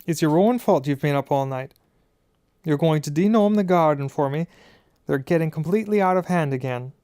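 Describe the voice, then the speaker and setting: A man's voice: fairly high pitch, normal speed, warm tone, clear, resonant tone, no echo, clean studio sound, natural voice. A man voicing a stern middle-aged mother who scolds her sons and fusses over a guest, in an audiobook. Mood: scolding. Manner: scolding, then fussing tenderly. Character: stern, fussing middle-aged mother, loud when angry. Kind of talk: audiobook character voice.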